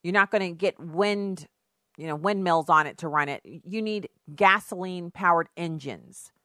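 Casting note: woman commentator, sarcastic and emphatic, lower voice, dry close sound. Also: moderate pace, fairly bright tone, no echo. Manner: sarcastic, emphatic, rhetorical questions. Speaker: political commentary host. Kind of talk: opinionated political commentary.

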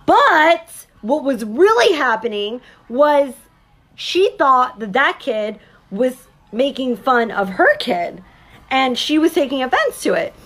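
A woman in her thirties, a mother and business owner, telling her viewers a story in an animated, emphatic way and often stopping to ask "okay?". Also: high-pitched, slow.

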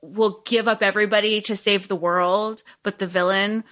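A woman's voice: medium pitch, steady tone, moderate pace, fairly bright tone. A woman co-hosting a podcast, thinking aloud about a story in a casual, laughing way. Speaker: podcast co-host. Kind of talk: casual book discussion.

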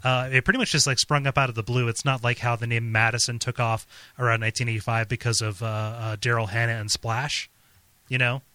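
A man's voice: mid-range voice, little pitch movement, fairly quick, pushed and bright, no room sound. A man co-hosting a podcast in casual chat, stammering and repeating his words and laughing often. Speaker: podcast co-host.

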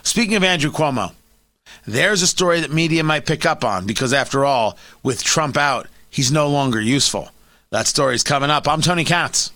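Animated, sarcastic talk radio host man. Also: fairly high pitch, moderate pace, no room sound. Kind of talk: opinionated talk radio monologue.

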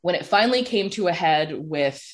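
A woman's voice: lowish voice, normal speed. A woman in casual conversation, telling a personal story and acting out other people's lines with exaggerated voices, saying "like" often. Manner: animated storyteller, acts out quotes in exaggerated voices; says "like" constantly. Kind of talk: casual chat.

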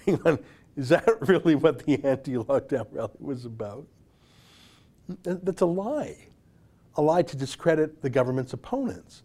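A man's voice: mid-range voice, lively intonation, moderate pace, pauses often, dark tone. A man delivering an opinion monologue as a political commentator, sarcastic and incredulous, firing rhetorical questions.

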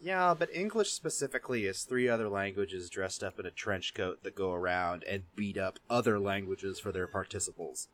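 A man's voice: low-pitched, normal speed, few pauses, a bit bright. Wry joking man in casual chat. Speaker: podcast co-host. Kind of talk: casual chat recapping a show.

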